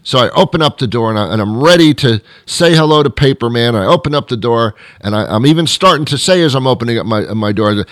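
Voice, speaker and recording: A man hosting a show, delivering a rambling comedic monologue full of restarts and deadpan absurd asides. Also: mid-range voice, brisk, dry recording, clean studio sound. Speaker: show host.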